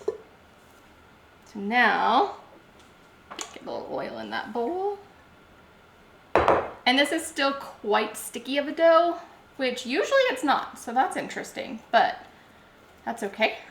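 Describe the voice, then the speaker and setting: A woman's voice: high-pitched, sing-song, takes it slowly, gravelly, long pauses, a bit bright, a little hiss or hum. Chatty woman cooking in an echoey kitchen. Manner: chatty, talks herself through each step. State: out of breath. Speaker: home cooking vlogger. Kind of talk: casual cooking narration. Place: home kitchen.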